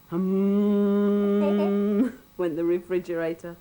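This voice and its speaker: A woman reading a children's story aloud in an expressive, sing-song, playful way. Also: on the low side, slow, pauses often, breathy edge, rough recording.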